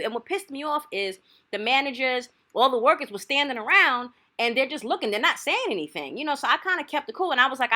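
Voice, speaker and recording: Animated New woman, lively bright voice. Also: sits high, fast talker. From New York. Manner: animated, chatty, gets loud and hyped. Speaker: hair vlogger. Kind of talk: casual storytelling while styling hair.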